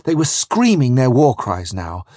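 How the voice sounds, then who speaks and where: Husky guy reading an adventure story, really lively ups and downs, dry close sound. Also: medium pitch, a little slow, dry recording. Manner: vivid, dramatic storytelling. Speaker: narrator. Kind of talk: first-person audiobook reading.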